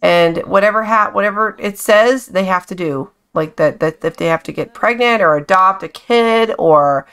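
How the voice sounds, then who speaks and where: A woman's voice: mid-range voice, normal speed, hardly any pauses, a bit bright, clean tone. Chatty woman narrating a life-sim game. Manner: chatty, amused, talks to the sims on screen. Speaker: gaming YouTuber. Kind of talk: casual gameplay commentary.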